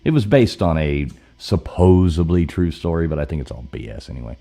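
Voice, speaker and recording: Deep-voiced, lively man hosting a call-in show. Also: a little fast, gravelly, faint music behind. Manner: rambling, with many fillers, loose and animated. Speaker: host of a live call-in show. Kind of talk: casual chat and storytelling.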